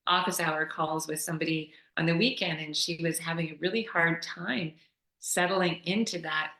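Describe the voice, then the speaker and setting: Woman, yoga teacher, casual call. Animated, laughs a lot, bright forceful tone, roomy echo. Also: lowish voice, normal speed. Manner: animated, laughs often, acts out quoted voices. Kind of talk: casual explanatory chat on a call.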